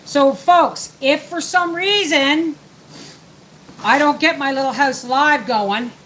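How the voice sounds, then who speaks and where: A woman's voice: sits high, slow, fairly bright tone, slight background noise, low-quality recording. A middle-aged woman hosting a homestead live stream, chatting in a rambling way while she works and answers viewers. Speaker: homestead livestream host. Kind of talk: casual live-stream chat while working.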